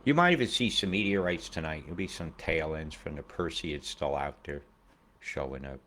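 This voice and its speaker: A man's voice: extremely low pitch, moderate pace, fairly bright tone, a little hiss or hum. A man giving casual weather commentary over satellite images, rambling, profane and conspiratorial.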